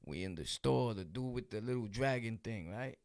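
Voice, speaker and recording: A young man with a New York accent tells street stories in loose, slang-heavy talk. He laughs often and acts out the voices of people in them. His voice is gravelly, and the recording is dry and close. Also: lowish voice, lively intonation, normal speed, darkish tone, no echo. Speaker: vlogger telling true stories. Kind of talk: casual street storytelling.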